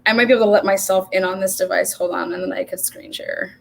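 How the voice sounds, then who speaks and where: A woman hosting a casual livestream, telling an animated, profane story and quoting the dialogue back and forth. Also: mid-range voice, quick pace, gravelly, slight background noise. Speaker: show host.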